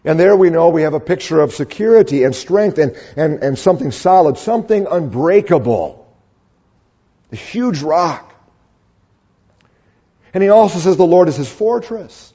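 Male pastor, measured sermon delivery, husky mellow timbre, dull lo-fi recording. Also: fairly high pitch, expressive. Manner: earnest, measured preaching with emphatic stresses.

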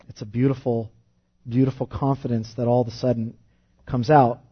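A man preaching a sermon, rising loud and fervent when reading scripture and dropping to a soft, quiet tone when explaining it. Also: medium pitch, steady tone, normal speed, highs cut off. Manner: impassioned, swells loud on scripture then drops soft. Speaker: pastor.

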